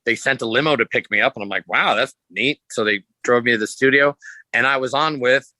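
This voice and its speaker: Bright-voiced man telling wild stories. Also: fairly quick, no room sound, poor audio. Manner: rambling, restarts, acts out quotes with pitch jumps; loose, swears casually. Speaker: podcast guest, sideshow performer. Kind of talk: casual storytelling.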